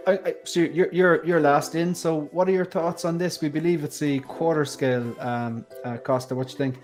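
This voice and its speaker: A man's voice: fairly high pitch, fairly even intonation, normal speed, darkish tone, faint music behind. A man with an Irish accent hosting a casual livestream, chatting and reading out viewer comments. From Ireland. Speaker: livestream host. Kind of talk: casual chat.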